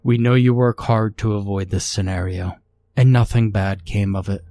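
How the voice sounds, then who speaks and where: A man voicing an old, frail pastor who speaks calmly and soothingly. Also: on the low side, no room sound, natural voice. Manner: calming, measured.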